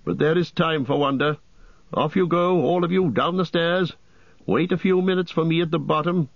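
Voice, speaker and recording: A man's voice: on the high side, moderate pace, creaky, no echo, pitched above the performer's own voice. A man voicing a fierce, commanding old wizard in an audiobook, urgent in manner. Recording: dull lo-fi cassette.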